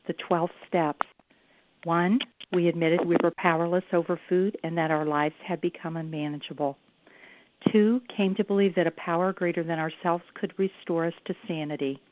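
A woman from Ohio reading a list of steps aloud at a meeting, steady and even. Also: on the low side, moderate pace. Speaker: meeting member. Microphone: phone call. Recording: tinny phone line.

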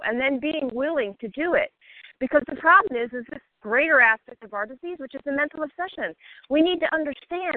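A high-pitched woman talks earnestly and emphatically over a tinny, dry phone line. She shares at a recovery meeting and turns to speak straight to newcomers. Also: no room sound. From Maryland, USA. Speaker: meeting member sharing.

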